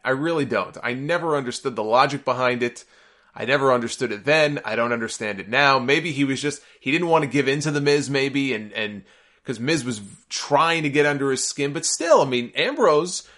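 On his solo podcast, a man recaps the week in a bright, forceful, medium-pitched voice, talking a little fast. Animated, opinionated and sarcastic, he grows exasperated and worked up as he goes.

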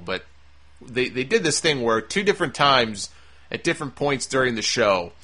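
A man hosting a podcast, recapping wrestling in a casual, sarcastic, profane rant. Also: mid-range voice. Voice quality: sarcastic, animated, swears freely.

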